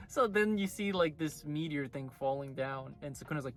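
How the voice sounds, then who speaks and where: Man, slightly high voice, casual rambling review, lots of fillers, faint music behind. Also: normal speed. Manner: rambling, full of "like" and "you know" fillers. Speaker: anime reviewer.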